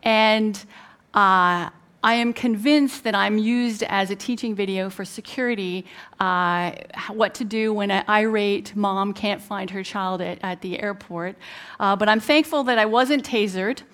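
A woman's voice: medium pitch, unhurried, fairly bright tone, smooth. A middle-aged woman from Canada preaching a sermon, retelling a personal story with many fillers and emphatic turns.

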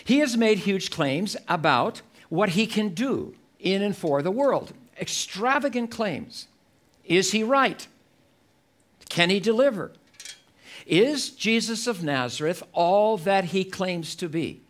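Slow, emphatic male preacher. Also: sits high, lively intonation. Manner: slow, emphatic, repeats key phrases for effect. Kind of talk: sermon. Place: church service.

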